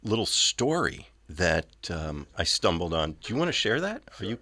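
A man's voice: deep voice, big pitch swings, normal speed, sharp tone. A man hosting a radio show, chatting casually with a guest in an easygoing way, with frequent fillers. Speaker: radio host. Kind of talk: casual on-air chat.

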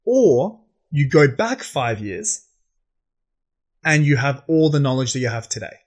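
A young Australian man trading crude jokes with a friend on a podcast. His voice sits at a middling pitch, and he laughs easily as he chats. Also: very animated, a little slow. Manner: crude, joking, laughs often. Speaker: podcast co-host. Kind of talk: casual podcast banter.

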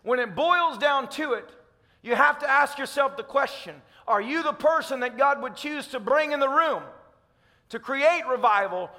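A man's voice: extremely high pitch, pushed and bright, in a large hall. A man from Tennessee with a Southern accent, preaching a fervent, emphatic sermon as pastor. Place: church sanctuary.

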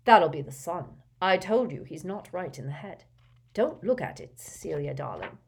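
A woman puts on a smug young gentleman, offhand and dismissive. It stays close to the reader's own low voice, an audiobook figure. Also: animated, normal speed, creaky, husky, full character voice.

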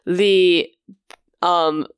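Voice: mid-range voice, steady tone, extremely slow, smooth, dry recording, studio quality. A co-host in a casual film review, rambling with many fillers such as "like" and "um". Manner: rambling, heavy use of "like" and "um".

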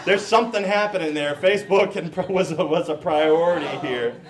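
High-voiced man preaching with jokes. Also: a little fast. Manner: animated, jokey, many restarts, acts out quoted parents. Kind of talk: sermon with humorous asides.

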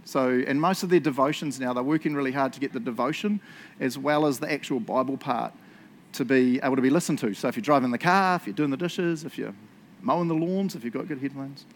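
A man preaching a casual sermon, telling stories in an excitable, chatty way and laughing along. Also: mid-range voice, fast talker, slight background noise.

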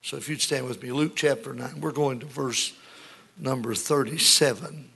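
Gravelly, husky older preacher man. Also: fairly even intonation, moderate pace. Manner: emotional preaching, swinging between booming and hushed. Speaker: pastor. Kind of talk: sermon.

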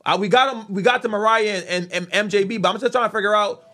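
A man's voice: sits high, quick pace, bright, forceful tone. A young man co-hosting a casual podcast chat, playful and argumentative, often repeating himself. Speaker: podcast co-host.

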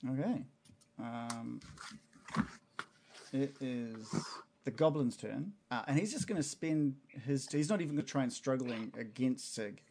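A man running a tabletop game as game master, relaxed, with lots of um and uh. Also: medium pitch, a little slow, a little hiss or hum. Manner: relaxed, many fillers, animated.

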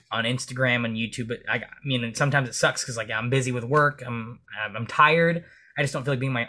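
A man speaking as a police officer and podcast guest. He tells energetic stories in casual interview chat and swears freely. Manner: acts out dialogue in comic high voices.

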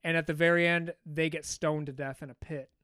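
A man's voice: on the high side, steady tone, a little fast, bright, forceful tone, clean tone, no echo, clean studio sound. A man co-hosting a podcast, casually recapping a film in a rambling, profane storytelling way. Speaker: podcast co-host. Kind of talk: casual movie recap chat.

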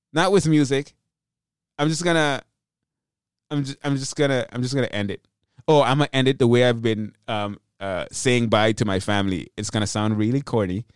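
A man hosting his own podcast in an energetic, rambling way, often cutting himself off mid-thought. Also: medium pitch, clean tone, no room sound, studio quality. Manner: energetic, rambling, self-interrupting. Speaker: podcast host. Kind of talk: solo podcast monologue.

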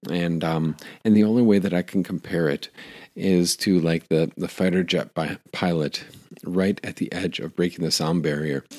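Male pastor, very low voice, relaxed conversational sermon with restarts. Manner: conversational with fillers and restarts, laughs lightly.

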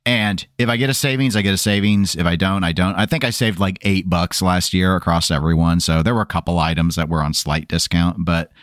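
A man's voice: low voice, fairly even intonation, brisk, hardly any pauses, a bit bright, dry recording, clean studio sound. A man with a Midwestern American accent, co-hosting a podcast in casual, rambling, self-deprecating chat. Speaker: podcast co-host.

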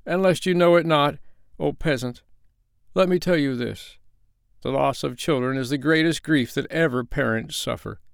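A man's voice: fairly high pitch, normal speed, vocal fry, clean tone, no room sound, studio quality, voice pushed up. A man doing a weeping mother bear. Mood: grieving. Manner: sobbing, pleading, then overjoyed. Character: grieving mother bear, wife of a great bear.

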